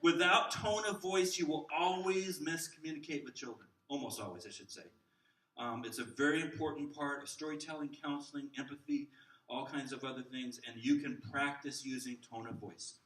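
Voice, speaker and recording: A middle-aged man teaching a workshop on talking with children, lively and joking, acting out examples in different voices. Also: on the high side, moderate pace. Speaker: children's ministry trainer. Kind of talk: teaching a workshop to a live group. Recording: roomy hall sound from a distant mic.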